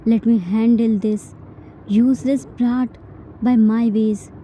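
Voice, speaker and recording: 女人扮演的 严厉霸道的黑帮老爸. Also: female voice, a little high, steady tone, slow pace, mellow, slight background noise, rough recording. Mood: harsh. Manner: harsh, commanding. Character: stern middle-aged male mafia boss father.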